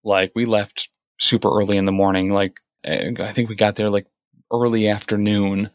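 A man talking in a relaxed, rambling way as a podcast co-host, telling a story from an event he ran. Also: on the low side, moderate pace, no room sound, clean studio sound. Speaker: podcast co-host, tournament organizer. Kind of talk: casual podcast chat.

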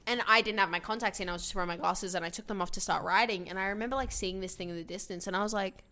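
A young woman with an Australian accent chats casually, her voice bright and clear. She tells stories in an animated way, filling them with "like" and quick asides. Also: medium pitch. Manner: animated storyteller, lots of "like", laughs often. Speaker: podcast guest. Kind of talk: casual chat.

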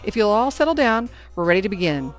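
A woman's voice: medium pitch, expressive, fairly quick, faint music behind, lightly acted. A woman voicing a stern, formal booster club president running a school auction, with a commanding announcer manner.

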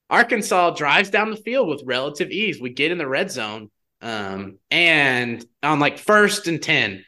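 A young man chatting casually as a guest, telling a personal story in an animated way, full of "like" fillers. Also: a little high. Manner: animated, heavy use of "like" fillers.

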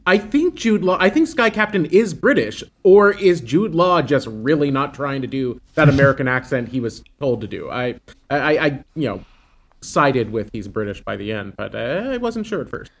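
A man speaks in a relaxed podcast discussion. He often repeats words as he thinks and adds small laughing asides. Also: medium pitch, normal speed. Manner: stammering repeats, chuckling asides. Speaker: podcast co-host. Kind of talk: casual discussion.

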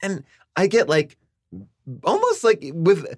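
A man's voice: high-pitched, takes it slowly. A man telling a long, rambling story as a podcast guest. His voice jumps all over its range as he acts out the lines of each person in the story. He keeps saying "like" in a casual, loose way of talking. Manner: animated, rambling, heavy use of "like", acts out quoted lines. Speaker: podcast guest, comedic actor.

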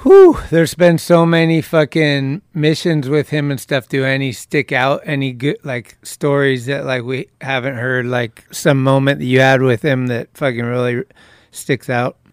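A man's voice: medium pitch, fairly even intonation, clean tone, no echo, studio quality. A man hosting a casual chat, easygoing and profane, drawing out stories from his guest. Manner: easygoing, profane, quick to laugh along.

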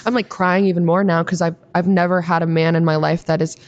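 A woman's voice: fairly low pitch, little pitch movement, a little mellow, lo-fi sound. A woman in her twenties, a podcast guest, telling stories in a blunt, profane, casual way. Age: 20s. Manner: blunt, profane, rapid storytelling. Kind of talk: casual chat.

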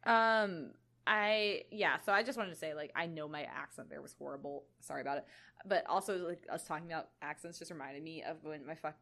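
A woman's voice: deep voice, fairly quick, gravelly, sharp tone. A young woman from Georgia with a slight Southern drawl, chatting casually as a podcast co-host, rambling and swearing now and then. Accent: slight Southern drawl on "all" sounds. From Georgia, USA. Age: young adult. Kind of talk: casual chat.

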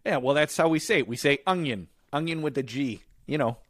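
A man's voice: mid-range voice, fast, no room sound, studio quality. A young man with a Chicago accent co-hosting a casual podcast in easygoing, playful banter. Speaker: podcast co-host.

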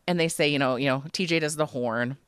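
A woman's voice: low voice, quick pace, fairly bright tone, smooth, no echo, clean studio sound. A woman co-hosting a podcast, animatedly recapping a TV episode in casual chat, emotional and full of fillers. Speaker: podcast co-host.

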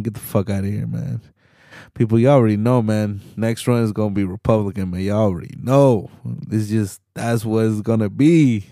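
In clean studio sound with no echo, a young adult man from the US Hispanic community hosts a podcast in a lowish, creaky, warm voice. His monologue is laid-back, slangy and profane, and he laughs between points.

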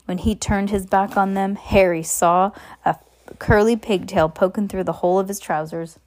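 A lively, teasing mother who reads a children's novel aloud and then chats playfully with her kid. Her voice sits at a middling pitch. She laughs often and talks in an easygoing, animated way. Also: normal speed. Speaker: parent reading to her child on a podcast. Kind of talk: reading a book aloud and chatting with her child.

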